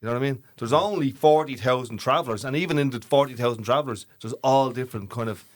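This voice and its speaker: A man's voice: medium pitch, quick pace. A man with a Dublin accent co-hosting a casual podcast chat, bantering and laughing easily. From Ireland. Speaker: podcast co-host.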